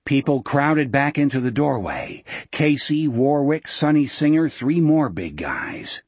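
A man reads an audiobook in a steady, measured storytelling style. His voice is medium-pitched and slightly rough, with no echo.

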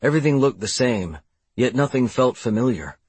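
A man with a husky voice narrating a first-person novel in a steady, measured way, recorded on a close studio mic. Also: medium pitch, dry recording. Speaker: audiobook narrator.

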